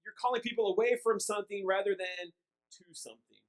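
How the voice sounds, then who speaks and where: High-voiced man preaching a casual sermon. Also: steady tone, quick pace, low-quality recording. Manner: informal and joking, with repeated restarts. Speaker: pastor. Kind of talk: conversational sermon. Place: church.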